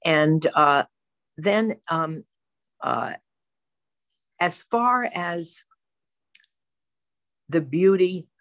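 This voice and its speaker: A woman's voice: on the low side, expressive, extremely slow, long pauses, fairly bright tone, no room sound. A woman telling her personal recovery story in a candid, self-reflective way, as a member of a twelve-step program speaking to a camera. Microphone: facing a camera.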